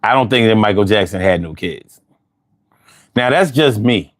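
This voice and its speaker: A man hosting a livestream, chatting casually and reading out viewer comments in a drawling, animated way. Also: on the low side, moderate pace. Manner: drawling, animated, talks back to chat. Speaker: livestream host.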